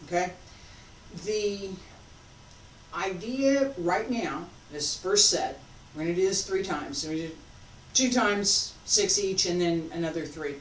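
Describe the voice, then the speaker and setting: A woman teaching a qigong class, calmly giving breathing and movement cues. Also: fairly low pitch, slow, pauses often. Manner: calm, guiding cues paced to breathing. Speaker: qigong instructor. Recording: echoey room, distant mic, faint noise.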